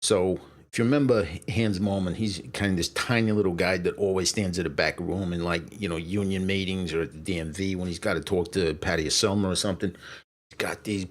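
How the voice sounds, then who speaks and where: A man's voice: low voice, steady tone, brisk. A middle-aged man from Brooklyn hosting a livestream, chatting casually in a rambling, profane way with lots of fillers. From Brooklyn, USA. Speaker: streamer and show host.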